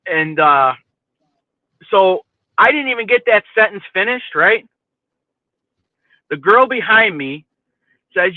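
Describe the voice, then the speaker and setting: Guy with a higher voice telling a story, swears a lot, sounds thin like it's over a phone. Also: slow, long pauses, no room sound, phone-quality sound. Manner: profane, animated, keeps asking "you know what I mean". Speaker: podcast host telling a story. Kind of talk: casual storytelling chat.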